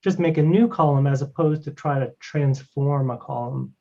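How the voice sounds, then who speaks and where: A man walking through a live technical demo as a guest presenter, talking casually and filling pauses with "you know" and "right". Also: medium pitch, dark tone. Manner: conversational, many fillers like "you know" and "right". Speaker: guest presenter demoing a cloud product. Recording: dull lo-fi stream audio.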